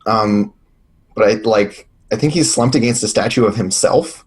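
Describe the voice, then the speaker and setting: A man with a low, husky voice, playing in a tabletop role-playing game. He thinks aloud hesitantly, packing his talk with fillers. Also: moderate pace. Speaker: player. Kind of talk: casual tabletop play.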